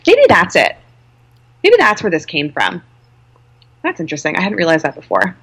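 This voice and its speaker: A woman in her thirties with a low, deep-set voice, speaking as an interview guest. She talks in a chatty, candid way and pokes fun at herself. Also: huge pitch swings, moderate pace, bright, forceful tone, breathy edge. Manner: chatty, candid, self-deprecating. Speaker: guest, nonprofit co-founder. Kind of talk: casual conversational interview.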